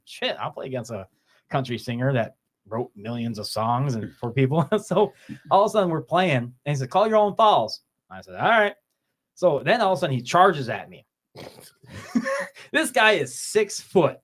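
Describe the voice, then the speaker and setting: A man's voice: medium pitch, expressive, moderate pace, fairly bright tone. A man telling stories in casual podcast chat, often laughing and acting out the voices of people he quotes. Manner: swears casually, repeats words. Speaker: podcast host.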